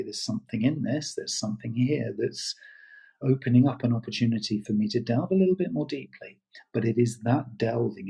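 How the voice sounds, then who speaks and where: A man's voice: medium pitch, gravelly, mellow, husky, rough recording. A man coaching listeners in a reflective, earnest talk, thoughtful and full of fillers. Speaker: self-development coach.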